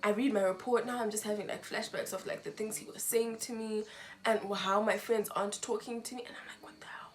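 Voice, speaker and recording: A woman's voice: mid-range voice, brisk. A young woman from Zimbabwe telling a storytime vlog, recounting events with emotion and acting out what people said. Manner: emotional, animated retelling with quoted dialogue. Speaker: vlogger.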